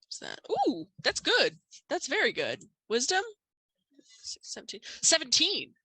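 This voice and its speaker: A woman chatting at a game table in a bubbly, upbeat way. Her voice sits a little high and sounds bright and forward. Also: huge pitch swings, a little slow, slightly rough, no room sound. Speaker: player. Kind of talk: casual chat at a game table.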